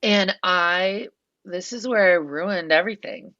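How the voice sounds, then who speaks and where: A woman's voice: on the low side, unhurried, pushed and bright, no room sound, muffled recording. A woman guest on a podcast telling a story in casual chat, rambling and self-deprecating with lots of "like" fillers. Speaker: guest musician.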